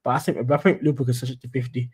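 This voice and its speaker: Chatty London man, mellow voice. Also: mid-range voice, fairly even intonation, racing, husky. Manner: chatty, rambling, says "mate" and "you know what I'm saying". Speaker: football fan streamer. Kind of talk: casual live-stream commentary.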